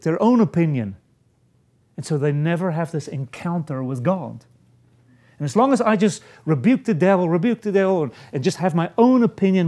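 A man's voice: on the high side, darkish tone. A man preaching a sermon, reading scripture aloud and then explaining it. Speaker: pastor.

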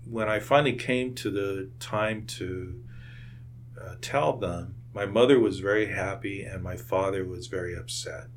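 A man who is a priest and a church office director, earnestly recalling his family in an interview, in a measured way with hesitant pauses. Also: low voice, slight background noise. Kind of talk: reflective interview recollection.

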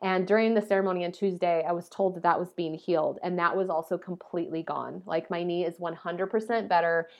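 A young adult woman vlogging, telling a personal story in a chatty, animated way and often saying "like". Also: fairly low pitch, brisk, few pauses. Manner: animated, chatty, heavy use of "like".

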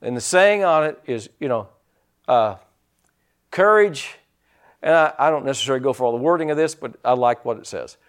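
A man preaching a sermon in a folksy, rambling storytelling way, rising into loud bursts. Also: medium pitch, animated, moderate pace, clean tone.

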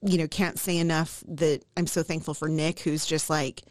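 A woman's voice: low-pitched, level tone, normal speed, dry recording. A woman co-hosting a podcast in casual chat, telling emotional family stories in a chatty way. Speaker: podcast co-host. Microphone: podcast microphone.

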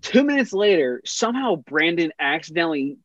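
Animated young man telling a story. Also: a little high, fairly quick, no room sound, lo-fi sound. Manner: rambling, laughing, lots of restarts. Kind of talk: casual storytelling chat.

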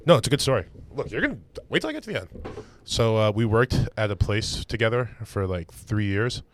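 A man's voice: fairly low pitch, very animated, brisk, a little hiss or hum. A man co-hosting a casual podcast chat, telling a rambling story and swearing freely. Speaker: podcast co-host.

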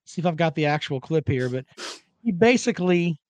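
A man's voice: a little high, expressive, brisk, darkish tone, dry recording. A man hosting a casual sports talk show, rambling and joking while he fumbles for clips.

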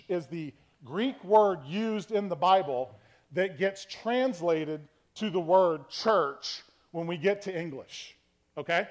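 A man with a notably high voice preaches a sermon in a relaxed, conversational teaching style. He checks in with his listeners often and plays with tone to make his points. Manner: conversational teaching, frequent "okay?" check-ins; varies tone to demonstrate meanings. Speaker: pastor.

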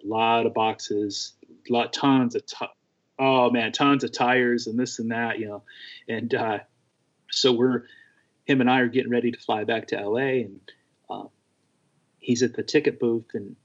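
Husky-voiced man, ex-race mechanic, loose rambling storyteller, slightly muffled lo-fi recording. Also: medium pitch, fairly even intonation, unhurried, pauses often. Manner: rambling, filler-heavy anecdotes. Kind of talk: casual storytelling.

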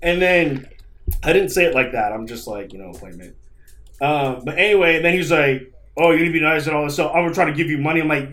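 A man's voice: on the high side, fast, fairly bright tone. A man on a podcast who vents about his week in a rambling, profane storytelling manner. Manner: frustrated venting. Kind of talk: casual chat.

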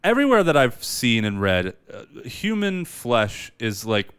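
A man's voice: medium pitch, very animated, unhurried, fairly bright tone, clear, resonant tone, no echo. A man co-hosting a podcast in casual chat, rambling through stories and laughing often. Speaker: podcast co-host.

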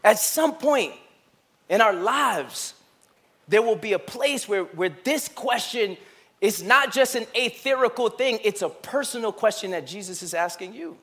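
A male pastor delivering a sermon with a high, bright and forceful voice. He tells a personal story, builds to impassioned emphasis, then drops to hushed, searching questions aimed at his congregation. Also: animated, a little slow. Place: church.

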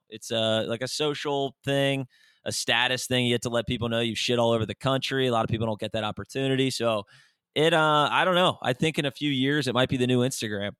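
A young man riffs and rambles through jokes in a casual podcast chat, full of fillers and half-finished thoughts. His voice is bright and crisp, recorded dry and close with no room sound. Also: mid-range voice, no echo. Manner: rambling, jokey, lots of fillers. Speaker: podcast co-host.

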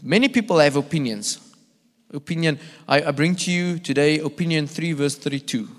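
A man preaches earnestly as a visiting evangelist. His voice sits a little high, and he hammers his points home with repeats. The sound carries the long echo of a church hall. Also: normal speed. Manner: earnest, emphatic, with repeated restarts. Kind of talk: sermon with personal testimony. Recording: echoey hall.

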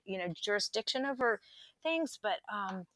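A woman's voice: mid-range voice, animated, moderate pace, fairly bright tone, slight background noise, rough recording. A woman speaking as a podcast guest, heartfelt and hesitant, searching for her words. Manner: heartfelt, hesitant, with many fillers. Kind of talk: casual conversational interview.

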